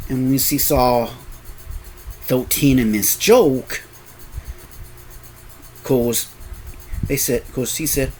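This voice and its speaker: A man's voice: medium pitch, drawn-out words, long pauses, darkish tone, soft background music, low-quality recording. A sleepy man narrating a fan story off the cuff, rambling and often correcting himself. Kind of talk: improvised fan story reading.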